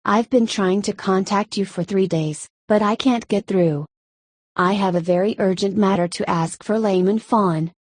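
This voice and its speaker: A woman voicing an anxious female temple disciple who pleads for help in a rushed, non-stop way. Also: medium pitch, darkish tone, no room sound, close to an everyday voice. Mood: pleading.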